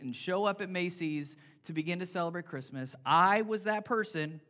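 A man preaching a casual, playful sermon as pastor, energetic and talking straight to his congregation. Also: high voice, normal speed, few pauses. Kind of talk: conversational sermon.

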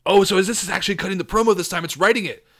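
A man hosting a show, chatting casually and reacting with excited laughs and swearing as he types prompts. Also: high voice, rapid-fire. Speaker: podcast host. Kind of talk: casual commentary while typing prompts.

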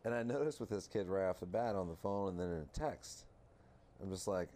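A man chatting casually on a podcast, telling an animated story full of swearing and mocking impressions. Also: fairly quick. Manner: animated storyteller, swears, mimics others in a high voice. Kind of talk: casual chat.

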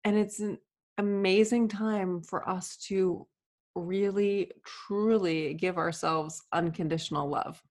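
A woman's voice: medium pitch, fairly even intonation, takes it slowly, a little mellow. A woman hosting a podcast, speaking from her home over a remote call in an enthusiastic, affectionate way. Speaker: podcast host. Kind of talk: warm, effusive podcast chat. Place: home in Florida. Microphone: remote call recording.

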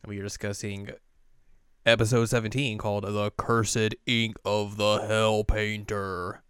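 A man with a smooth, resonant voice hosts a laid-back podcast, recapping an episode with jokes and goofy quoted lines. His voice is recorded close and dry, with no room sound. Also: lowish voice, little pitch movement, unhurried, a bit bright, no room sound. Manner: jokey, slips into silly quoted voices. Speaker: podcast host. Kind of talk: casual recap chat.

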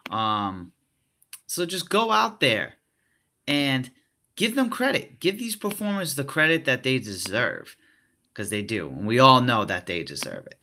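A man's voice: mid-range voice, big pitch swings, a little slow, sharp tone, a little hiss or hum. A young man hosting a casual wrestling chat podcast, laid-back and self-mocking, rambling with lots of fillers. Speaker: podcast host.

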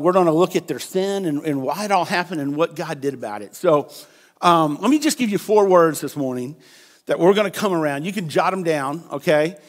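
A man preaching a conversational sermon, checking in with his listeners and often repeating words. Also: high-pitched. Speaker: pastor.

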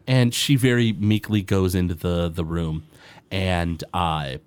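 A man narrating as game master of a tabletop game, halting and full of fillers. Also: sits low, steady tone, clean tone.

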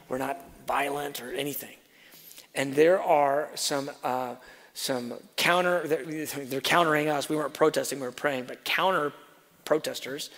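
A man preaching a sermon, telling a personal story and swinging between soft asides and loud emphasis. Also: on the high side, creaky. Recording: reverberant hall.

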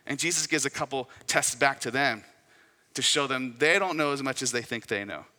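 Guy preaching, really bright voice, casual storytelling vibe, long hall reverb. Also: mid-range voice, moderate pace. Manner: conversational, storytelling with acted quotes. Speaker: pastor. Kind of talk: sermon.

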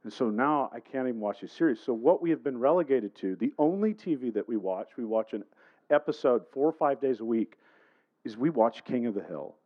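A man's voice: mid-range voice, expressive, fairly quick, dull audio. A man preaching a sermon, telling a personal story in a conversational way and putting questions to the congregation. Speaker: pastor.

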